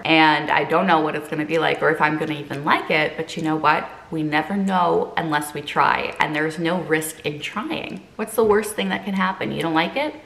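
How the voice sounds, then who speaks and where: A woman's voice: deep voice, vocal fry, a bit bright, reverberant. A woman in her twenties from Quebec, talking casually to camera in her home kitchen as she cooks. Her tone is upbeat and encouraging, with playful asides. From Quebec, Canada. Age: 20s. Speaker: eating disorder recovery coach and vlogger. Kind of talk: casual cooking vlog talk to camera.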